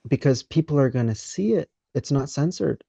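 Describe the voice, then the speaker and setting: A man hosting a podcast interview, talking in a measured, deliberate way with pauses mid-sentence. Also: mid-range voice, lively intonation, creaky, mellow, husky, no echo. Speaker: podcast host. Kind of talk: conversational interview. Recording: dry, dull lo-fi sound.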